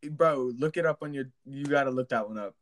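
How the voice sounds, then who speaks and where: A man's voice: mid-range voice, brisk, no room sound. A man co-hosting a casual podcast chat in a laid-back, teasing way, laughing along. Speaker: podcast co-host.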